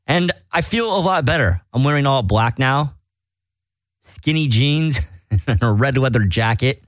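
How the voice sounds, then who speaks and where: A man's voice: medium pitch, animated, unhurried, no room sound. A man hosting a casual comedic podcast from a small studio, rambling and self-mocking. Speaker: podcast host. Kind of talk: casual comedic radio chat.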